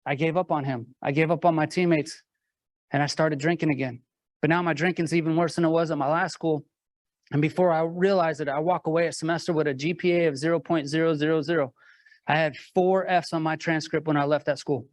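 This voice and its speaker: A man speaking as a motivational speaker, his voice sitting a little high but held fairly level in pitch. He tells his story earnestly and drives it forward with rhetorical questions. The sound is dry, with little room around it. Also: steady tone, quick pace, no room sound. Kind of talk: personal story told to a live audience.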